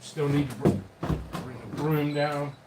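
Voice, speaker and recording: Working away in a basement, this man, a channel host who sells pepper seeds, chats and rambles to himself for his casual solo vlog. He speaks unhurriedly in a flat, somewhat high voice, with background noise present.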